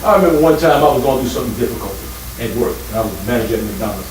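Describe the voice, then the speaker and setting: A man preaching a guest sermon, animated and playful, breaking into song, shouts and laughter. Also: mid-range voice, racing, slight background noise. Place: church sanctuary. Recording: echoey church hall, mic at a distance, congregation. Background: congregation responding.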